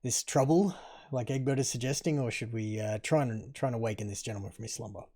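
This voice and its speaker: Mellow man playing a tabletop game. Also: medium pitch, quick pace. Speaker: player. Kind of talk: tabletop game chat and in-character talk.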